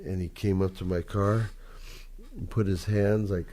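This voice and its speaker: A man's voice: sits low, flat delivery, a little slow, over a noisy crowd. A man telling a story in a casual, laid-back, profane way on a talk show.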